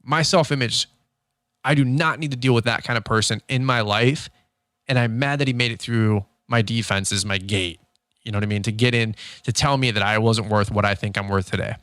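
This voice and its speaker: A man in his thirties hosting a podcast, telling a candid story in an animated, frank way and acting out conversations. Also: on the low side, brisk, no room sound. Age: 30s. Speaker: podcast host. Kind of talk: candid motivational podcast monologue.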